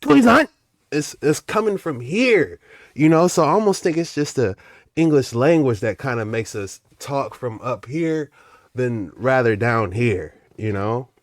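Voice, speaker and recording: A man's voice: mid-range voice, lively intonation, unhurried, dry recording, studio quality. A man hosting a casual commentary on viral clips, talking in a laid-back, slangy, rambling way. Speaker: host.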